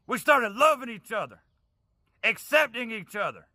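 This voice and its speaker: Furious, bright-voiced man ranting. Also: very high-pitched, animated, moderate pace, dry recording, clean studio sound. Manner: heavy profanity, angry and preachy. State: angry. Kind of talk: impassioned vlog rant.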